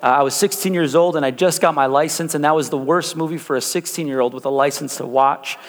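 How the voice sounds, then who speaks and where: A young man preaching in a church, his voice a bit high for a man. He tells stories loosely, with many fillers and restarts, then lifts into full preaching. A long hall reverb trails every phrase. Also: quick pace. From Chicago area. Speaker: pastor. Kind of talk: sermon.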